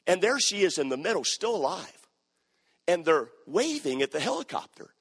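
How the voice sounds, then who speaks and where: High-voiced preacher in a ringing hall. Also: male voice, big pitch swings, normal speed, husky. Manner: dramatic storytelling, acting out quoted voices; emphatic, rising to loud exhortation. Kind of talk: sermon. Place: church sanctuary. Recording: long reverb of a church hall.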